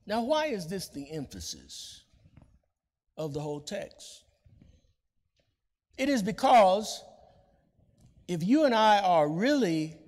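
A male pastor preaching a sermon with a deliberate cadence, drawing out the words he stresses. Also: high-pitched, big pitch swings, big-room sound.

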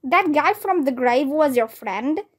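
A woman's voice: high-pitched, animated, measured pace. A woman voicing a rattled young boy who speaks in an insistent, uneasy way.

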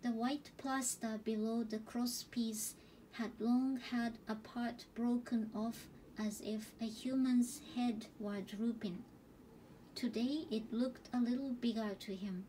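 A woman slowly reading a novel aloud as an audiobook, gentle and unhurried, with small restarts. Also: on the high side, fairly even intonation, far from the mic, slight background noise, low-quality recording. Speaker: audiobook reader. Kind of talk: slow storybook narration.

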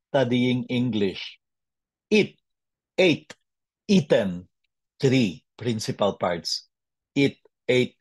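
Slow, patient male Latin teacher. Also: mid-range voice, a little mellow, no echo. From Philippines. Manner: slow, patient drilling of conjugations. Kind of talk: webinar lesson. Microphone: video call.

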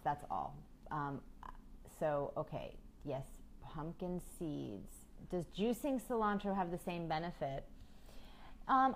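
Woman, thirties, low voice, frank and chatty live-stream host, lots of ums. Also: a little hiss or hum. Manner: chatty, reads viewer questions aloud, frequent ums. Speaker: women's health host.

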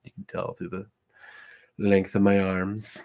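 Low gravelly guy rambling thru his craft project, talks to viewers. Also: completely flat delivery, unhurried, darkish tone. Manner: rambling, thinking aloud with many restarts; chatty, greets and questions viewers. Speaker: crafter showing a puppet build. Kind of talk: casual live-stream chat.

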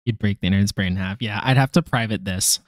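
A man's voice: lowish voice, quick pace, no room sound. Man, streamer, casual rambling chat, joking, frequent laughs, dry close sound. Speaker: streamer studying Japanese.

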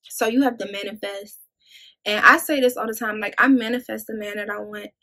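A woman's voice: mid-range voice, fairly even intonation, a little fast, bright, forceful tone, rough recording. A woman in her twenties talking casually to her viewers in a rambling, chatty way. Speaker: vlogger. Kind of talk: casual talk to camera.

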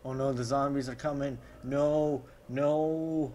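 A man's voice: medium pitch, fairly even intonation, slow, dark tone. Man, mid-range voice, overexcited comic gameplay commentary with dry sarcastic asides; light noise behind. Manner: overexcited, constant gasping exclamations. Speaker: gaming YouTuber parody.

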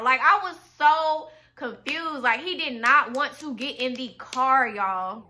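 A young woman in a casual storytime vlog, talking in an animated way, full of "like" fillers and swearing as she recounts a night out. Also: high-pitched, slow pace, few pauses. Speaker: vlogger telling a personal story.

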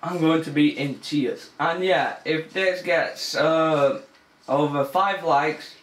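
Scared young man, slow nervous gamer. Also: on the high side, fairly bright tone, echoey room. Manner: nervous, swearing, laughing, scared. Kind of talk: let's play commentary.

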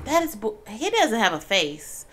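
High, lively woman gaming with twang. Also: a little slow, faint music behind. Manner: reactive, swears and shrieks when startled. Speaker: gamer playing a horror game. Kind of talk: let's play commentary. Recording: background noise under the voice.

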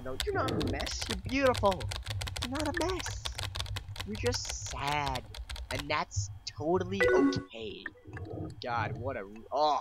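In a very noisy recording, a young let's-play gamer with a fairly high-pitched voice jokes and swears through his commentary. He reads the chat aloud, answering it with mock-dramatic reactions over the sound of loud typing.

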